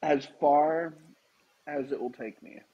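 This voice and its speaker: A man's voice: fairly high pitch, steady tone, slow pace, husky, lo-fi sound. A man talking as a guest on a casual podcast, blunt and laid-back in manner.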